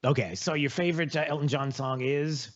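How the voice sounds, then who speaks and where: A man's voice: a little high, a little fast. A man hosting a radio talk show, chatting casually and rambling with plenty of filler words. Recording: lo-fi radio broadcast.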